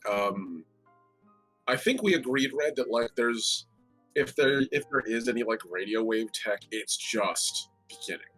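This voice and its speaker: A man's voice: mid-range voice, measured pace, soft background music, low-quality recording. A man brainstorming a setting in casual chat, rambling with lots of fillers. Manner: rambling, filler-heavy, animated.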